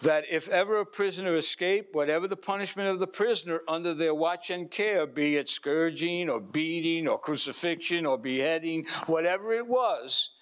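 A man preaching a sermon in an animated way, acting out scenes and often restarting his sentences. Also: fairly high pitch, normal speed, few pauses, smooth.

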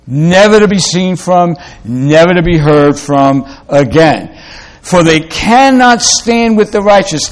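A male preacher delivering a sermon in a slightly high voice. He speaks very slowly and deliberately, repeating key phrases for emphasis.

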